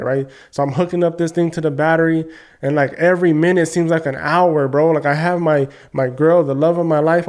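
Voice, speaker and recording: A man's voice: a little high, darkish tone. A young man telling a personal story to camera in a casual, emphatic way, swearing often. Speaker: trading vlogger.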